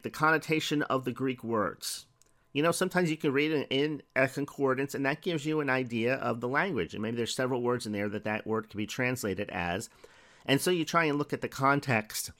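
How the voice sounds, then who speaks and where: Lively-pitched earnest male preacher. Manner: earnest, emphatic, with frequent restarts and rhetorical questions. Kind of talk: sermon.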